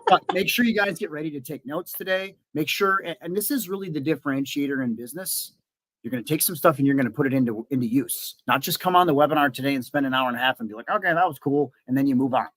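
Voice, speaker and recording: A fast-talking man from southeastern Wisconsin, USA, runs a live business webinar as host and coach, sounding casual and upbeat with frequent "uh" fillers and restarts. His voice is a little high and a bit bright, with no room sound.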